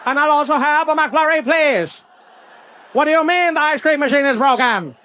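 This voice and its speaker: A man's voice: very high voice, normal speed, sharp tone, voice pushed up. A male comedian doing an impression of a 1960s American president with rhythmic, declamatory phrasing. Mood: orating.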